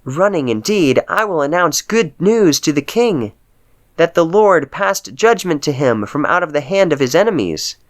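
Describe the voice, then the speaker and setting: A man's voice: a little high, sing-song, moderate pace, pitched above the performer's own voice. A man reading aloud, voicing an eager young male messenger who pleads to run with the news.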